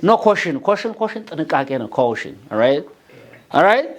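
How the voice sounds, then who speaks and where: A man's voice: fairly high pitch, big pitch swings, fast. A man teaching an English grammar lesson in a classroom, quizzing his students and mixing English with Amharic.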